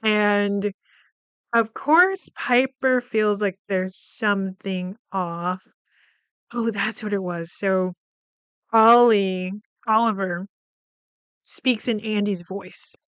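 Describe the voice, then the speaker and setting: Podcast lady recapping a movie, chatty and a bit sweary, smooth voice, dry close sound. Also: medium pitch, slow pace, pauses often, dry recording. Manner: chatty, heavy on "like" fillers, swears freely. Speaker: podcast host. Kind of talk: casual film recap.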